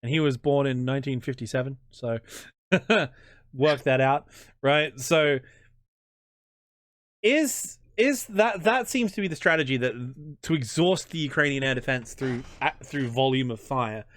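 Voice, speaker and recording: Australian man, history host, casual interview chat, self-deprecating jokes, smooth resonant voice, close dry mic. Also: mid-range voice, a bit bright, no room sound. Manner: joking, self-deprecating, halting restarts.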